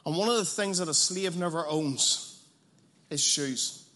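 Passionate high-voiced male preacher. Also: a little slow. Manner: passionate, swings from hushed to loud; colloquial, blunt asides. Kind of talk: evangelistic sermon.

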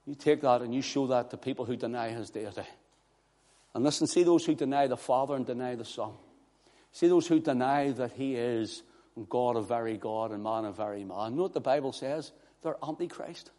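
A man preaching a sermon, swinging from hushed, quiet passages to loud, impassioned declarations. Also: medium pitch, normal speed. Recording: long hall reverb.

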